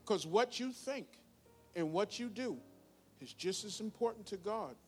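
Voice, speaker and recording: Male pastor, 50s, high voice, sermon delivery with sudden loud peaks over faint music. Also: lively intonation, measured pace. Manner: preaching with sudden loud high bursts and quiet asides.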